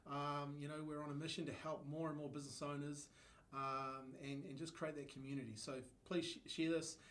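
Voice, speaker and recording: A man hosting a business podcast, enthusiastic and quick to agree, often trailing off mid-sentence. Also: a little high, flat delivery, fairly bright tone, slight background noise. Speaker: podcast host. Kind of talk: casual podcast conversation.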